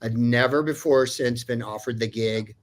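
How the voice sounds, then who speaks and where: A man's voice: medium pitch, steady tone, moderate pace. Rambling man telling an anecdote. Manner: rambling, digressive, many fillers. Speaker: voice actor guest.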